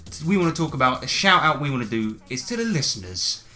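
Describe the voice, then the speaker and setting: A man's voice: mid-range voice, big pitch swings, fast talker, sharp tone. Cheeky guy on a podcast, crude jokes, music going behind him. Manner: teasing, crude, irreverent. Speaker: podcast co-host. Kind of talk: casual banter.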